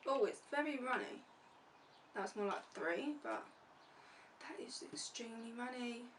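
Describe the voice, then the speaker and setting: A distant microphone with faint room noise records a woman beauty vlogger whose voice is fairly high and a little slow. She chats casually through a makeup tutorial, explaining each step along the way.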